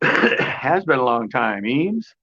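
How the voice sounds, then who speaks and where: A man's voice: medium pitch, big pitch swings, slow pace, bright, forceful tone, a little hiss or hum. Joking man on a lo-fi live stream. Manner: joking, sarcastic, laughs often. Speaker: host of a live fishing stream. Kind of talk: casual live-stream chat, reading comments. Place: outdoors on his porch.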